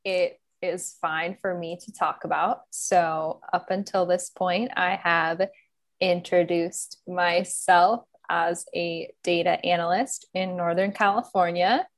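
A woman's voice: fairly low pitch, steady tone, takes it slowly. Cheerful young woman hosting a podcast. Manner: cheerful, laughs often, playful. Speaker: podcast host. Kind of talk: casual chat.

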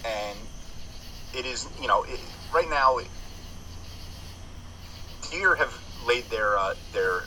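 A man's voice: medium pitch, expressive, slow pace, long pauses, bright, forceful tone, a little hiss or hum, low-quality recording. A man in casual podcast chat, swearing freely and telling stories with frequent restarts. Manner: profane, rambling storyteller with many restarts.

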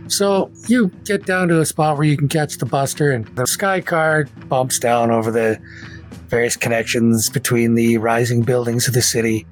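A man narrating a tabletop game as game master in a relaxed way with fillers. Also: medium pitch, moderate pace, faint music behind.

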